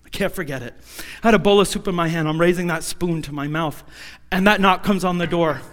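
High bright-voiced man preaching in a hall. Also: fairly quick. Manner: swings from hushed storytelling to shouted pleading. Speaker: preacher giving a testimony. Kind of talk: sermon.

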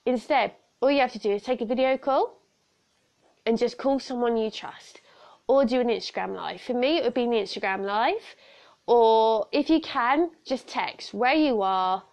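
A young woman hosts her podcast alone from home, talking frankly and earnestly with plenty of asides. Her voice sits a little high with a clear gravelly fry. Recorded close on a podcast microphone. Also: moderate pace, darkish tone. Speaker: podcast host. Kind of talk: casual solo podcast talk on personal safety. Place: room at home.

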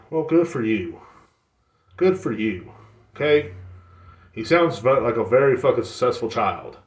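A man's voice: medium pitch, sing-song, normal speed, pauses often, reverberant. A young man hosting his own podcast, ranting in a profane, exasperated way and mocking other people in put-on voices. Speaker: podcast host. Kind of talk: solo ranting monologue.

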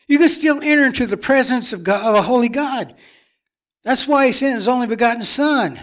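High-pitched preacher man, emphatic and repetitive. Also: a little fast. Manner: emphatic, repetitive preaching with swings from loud to hushed. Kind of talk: sermon.

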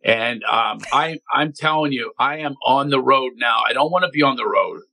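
Animated, bright-voiced man telling stories. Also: medium pitch, normal speed, low-quality recording. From Philadelphia. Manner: animated storyteller, acts out voices of others. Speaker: comedian guest. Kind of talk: energetic talk show chat.

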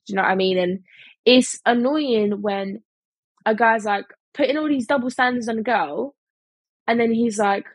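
A woman's voice: on the high side, moderate pace, slightly rough, no room sound, low-quality recording. A young woman chatting casually in a storytime vlog, full of fillers and mimicking other people in quotes. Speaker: vlogger.

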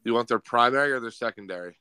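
A man's voice: mid-range voice, fast talker, sharp tone, clean tone, dry recording, rough recording. A young man hosting a casual sports quiz on a podcast, teasing the players and calling out the score. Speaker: podcast host, quizmaster.

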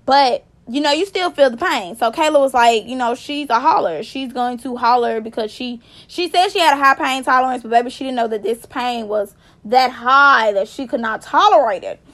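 A woman with a high-pitched voice talks straight to her viewers in a loose, chatty vlog. She tells the story with heavy emphasis and frequent swearing, ranting with animated energy. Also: normal speed, few pauses. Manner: speaks directly to viewers. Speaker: vlogger. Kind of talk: casual storytelling commentary.

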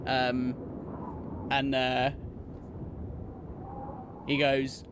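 A man narrating a tabletop game as game master, describing scenes in an unhurried, casual way. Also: medium pitch, monotone, background noise.

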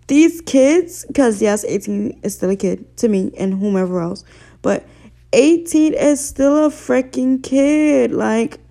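A young woman talking casually and excitedly straight to her viewers, full of slang and swearing. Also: medium pitch, creaky. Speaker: vlogger. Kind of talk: casual excited vlog talk.

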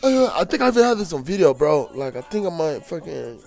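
A young man telling a rambling, profane story in casual slang, growing loud and animated when worked up. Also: a little high, fairly quick, vocal fry, faint music behind.

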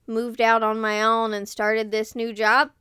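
Young woman, podcast co-host, casual chat, animated, smooth voice, dry close sound. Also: fairly high pitch, a little slow, no room sound. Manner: chatty, animated, acts out quotes.

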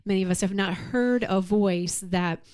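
A woman co-hosting a church talk, speaking gently and reflectively about faith. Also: mid-range voice, normal speed. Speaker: co-host. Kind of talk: casual chat about faith.

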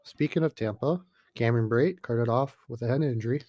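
A man co-hosting a casual fantasy football chat, giving short, deadpan replies. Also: mid-range voice, fairly quick, no room sound. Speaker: podcast co-host.

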